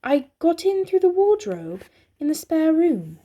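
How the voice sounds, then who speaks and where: A woman's voice: extremely high pitch, big pitch swings, unhurried, dark tone, muffled recording, pitched above the performer's own voice, exaggerated voice. A woman voicing a curious, well-mannered young girl in a storybook reading, puzzled and earnest. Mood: puzzled, polite.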